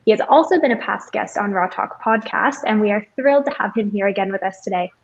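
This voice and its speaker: A woman's voice: medium pitch, fast, vocal fry, muffled recording. A woman hosting an online event, giving friendly announcements and reading out introductions with occasional ums. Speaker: event host.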